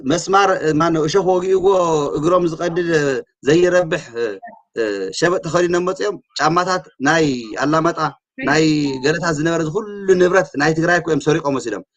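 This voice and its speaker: A man's voice: fairly high pitch, fairly bright tone. A man in a casual conversation, speaking indignantly with frequent hesitations. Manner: rapid, indignant, many hesitation sounds. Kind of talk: casual chat.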